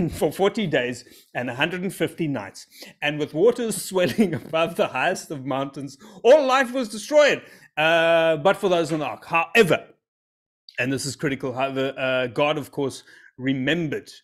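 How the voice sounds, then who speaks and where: A man's voice: a little high, moderate pace, a bit bright. A man, telling a scripture story as a comedy routine with self-amused, rambling asides. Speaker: comic storyteller.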